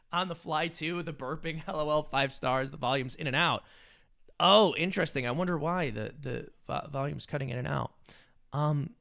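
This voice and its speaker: A man's voice: a little high, vocal fry, sharp tone. A man hosting a casual livestream, reading chat aloud and rambling with easy laughs. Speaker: animation studio head hosting a livestream.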